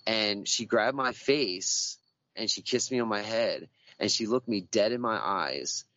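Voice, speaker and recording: A man's voice: lowish voice, measured pace, pushed and bright, lo-fi sound. A man speaking outdoors as a guest, earnest and reflective, with many hesitations and restarts. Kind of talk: casual conversation.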